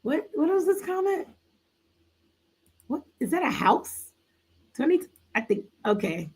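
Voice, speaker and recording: A woman's voice: sits high, sing-song, a little slow, darkish tone. A woman hosting a live book club, retelling a story in a casual, slangy way with playful asides. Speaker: book club livestream host. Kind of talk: casual book recap chat.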